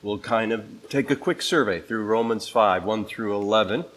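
A man's voice: on the low side, moderate pace, a bit bright, rough recording. A man preaching an expository sermon, teaching like a teacher and stressing key words with emphatic inflection as he reads scripture aloud. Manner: teacherly, gives listening assignments. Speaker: pastor.

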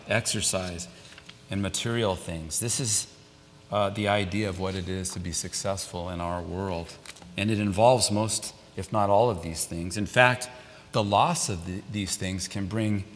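An older man preaching a sermon, emphatic, repeating key phrases and dropping to a hushed tone for weight. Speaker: pastor. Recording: echoey hall with faint rumble.

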